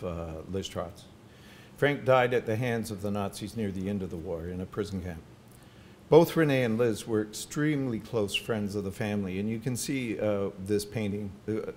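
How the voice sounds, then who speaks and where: An older man, the featured speaker at a symposium, gives a personal talk to an audience in a university hall, speaking into a podium microphone. His lowish voice carries a chatty, warm, anecdotal style full of asides, with a faint rumble underneath.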